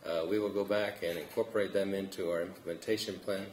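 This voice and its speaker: A man in his fifties with a very deep voice gives slow, reassuring remarks as a government envoy, pausing often with "uh". The sound carries the echo of a large lecture hall, with faint room noise underneath. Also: steady tone, a little mellow. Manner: deliberate, reassuring, pauses with "uh". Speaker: government envoy answering a panel. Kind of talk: measured public remarks.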